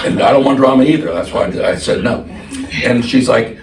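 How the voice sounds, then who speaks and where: A man's voice: medium pitch, normal speed. A man telling a personal story to a group in a casual, rambling way, with laughs and many fillers. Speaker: speaker sharing a personal story. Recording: roomy sound from a distance with clear background noise.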